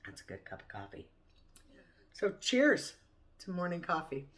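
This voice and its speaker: A woman's voice: on the low side, wildly swooping pitch, unhurried, fairly bright tone. A woman vlogger chatting casually to camera over morning coffee, rambling and laughing often. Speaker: cooking vlogger.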